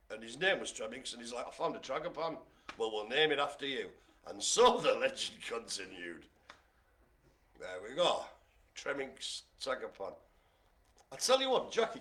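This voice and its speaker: A middle-aged man hosting a live bingo game, chatty and jokey, speaking to his audience as ladies and gentlemen. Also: mid-range voice, very animated, moderate pace. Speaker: bingo caller and host.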